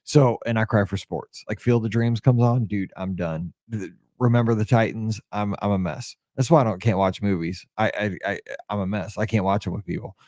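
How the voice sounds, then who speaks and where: A man hosting a podcast, telling a story in a casual, excitable and openly emotional way, with lots of restarts. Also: on the low side, moderate pace, hardly any pauses, no room sound, clean studio sound. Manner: excitable, rambling sports storyteller. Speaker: podcast host.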